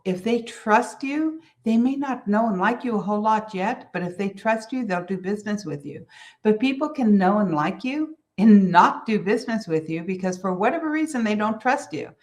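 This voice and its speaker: A woman's voice: mid-range voice, animated, normal speed. A woman business coach giving earnest, conversational advice, circling back to repeat her key points and mispronouncing a few words. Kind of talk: solo business advice talk.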